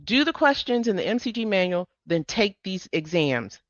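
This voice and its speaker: A woman's voice: mid-range voice, big pitch swings, moderate pace, dry recording, dull audio. A woman teaching a live online coding class, upbeat and encouraging, with emphatic bursts. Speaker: medical coding instructor.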